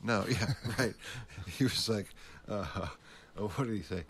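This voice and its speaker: A man in casual podcast chat, telling stories in a rambling, animated way with lots of restarts. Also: on the low side, unhurried, breathy edge.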